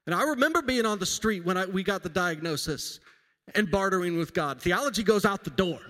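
A man's voice: sits high, lively intonation, fairly quick, a bit bright. A man in his forties preaching a sermon in a church, talking in a conversational, self-deprecating way and weaving in personal stories. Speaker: pastor. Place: church sanctuary. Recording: long hall reverb.

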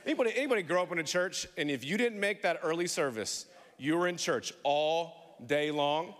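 A man preaching in a church, with a high, bright voice that carries a long reverberation through the hall. He tells stories with humor and calls on the congregation to answer him back. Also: expressive, brisk. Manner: storytelling with humor, call-and-response with congregation. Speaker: pastor. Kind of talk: sermon. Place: church sanctuary.

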